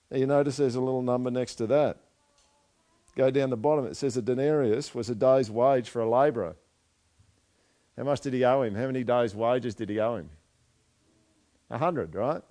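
A man preaching a conversational sermon, asking listeners questions and dropping into quiet asides. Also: mid-range voice. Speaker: pastor.

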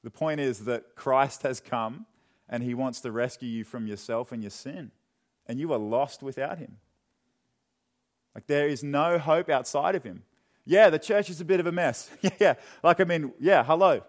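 A young man preaching a sermon in a church, chatty and joking, then dropping into quiet, earnest questions. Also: medium pitch, normal speed. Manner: conversational and joking, with sudden drops to quiet earnestness. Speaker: pastor. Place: church hall.

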